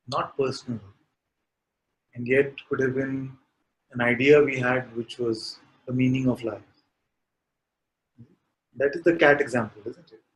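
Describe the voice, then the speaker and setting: A man at a middle pitch speaks as a spiritual teacher in a satsang. His delivery is calm and unhurried. He draws the listener in with gentle, probing questions. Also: rough recording. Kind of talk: satsang dialogue.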